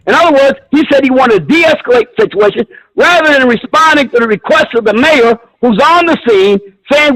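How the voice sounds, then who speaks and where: A man's voice: very high voice, animated, moderate pace, few pauses, fairly bright tone, poor audio. A man calling in to a talk show, arguing bluntly and combatively with frequent swearing. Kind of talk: heated call-in argument.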